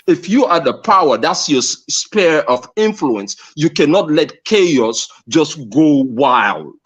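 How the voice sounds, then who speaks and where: Earnest sierra leonean guy calling into a live chat, pushes his point hard, lots of ums, voice sits a bit high. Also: a bit bright. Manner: earnest, emphatic, repeats phrases with hesitant fillers. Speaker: caller in a live audio discussion. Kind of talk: impassioned call-in discussion.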